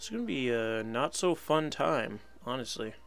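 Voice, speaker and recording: A man's voice: medium pitch, very animated, normal speed, gravelly. A young man giving casual live commentary on a video game battle, wry and resigned, laughing at himself now and then. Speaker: gaming channel host.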